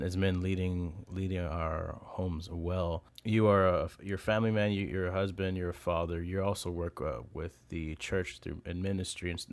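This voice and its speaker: A male host with a very low voice puts questions to his guest. He speaks in a measured, affirming way. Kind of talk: interview questions.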